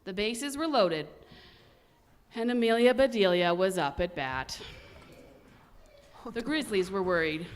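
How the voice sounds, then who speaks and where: A woman reading a children's story aloud at a church service, animated and expressive. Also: mid-range voice, slow pace, long pauses.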